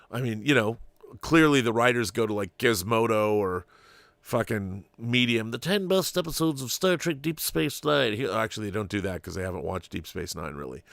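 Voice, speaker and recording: A man's voice: fairly low pitch, a bit bright, dry recording. A man hosting his own channel, ranting in an exasperated, sarcastic and profane monologue. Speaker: channel host. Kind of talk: opinion commentary monologue.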